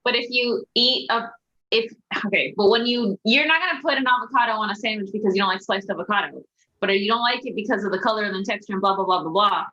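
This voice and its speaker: A woman's voice: medium pitch, fast, sharp tone. A woman chatting casually as a guest, pressing her point with repeated questions. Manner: insistent, questioning, laughs easily. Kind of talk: casual chat. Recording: dull lo-fi call audio.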